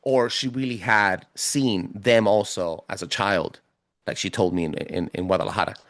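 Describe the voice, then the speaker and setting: A man's voice: on the low side, normal speed, no echo. Slangy storytelling man, dry mic. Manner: animated, slangy, keeps saying bro. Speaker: podcast guest. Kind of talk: casual storytelling.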